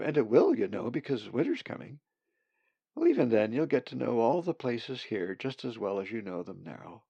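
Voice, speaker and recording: A man voicing a gentle, patient female raven who soothes a young bird. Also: mid-range voice, vocal fry, slightly rough, no echo, lo-fi sound, exaggerated voice. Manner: soothing, reassuring.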